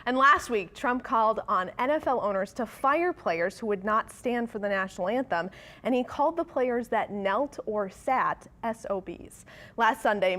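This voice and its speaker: A woman's voice: medium pitch, fairly bright tone. A woman anchoring a morning TV newscast, reading stories and bantering playfully with co-hosts. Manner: upbeat, playful between stories. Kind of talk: scripted news reading with banter.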